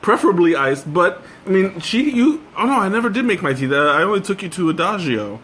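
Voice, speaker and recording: A man's voice: high voice, big pitch swings, a little fast, a bit bright, a little hiss or hum. A young man hosting a livestream, joking about himself and reading out chat comments. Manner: joking, self-mocking, reads out chat comments. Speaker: livestream host.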